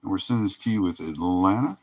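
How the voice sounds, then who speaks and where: Hosting a live card break, a weary man keeps yawning while he drawls along casually and laughs a lot. His voice is low-pitched and darkish, and he talks fast.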